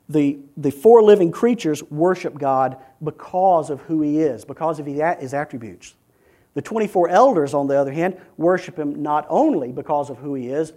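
A man preaching a sermon in a slightly high-pitched voice. He chants repeated lines with rising fervor, then sinks to a near hush. His address to the congregation stays earnest and direct. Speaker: pastor.

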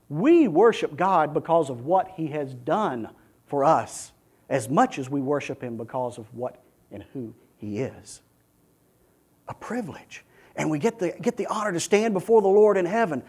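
A male pastor preaching a sermon, chanting repeated phrases with building intensity and dropping to a hush, speaking earnestly and directly to his listeners. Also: fairly high pitch, lively intonation, normal speed, husky.

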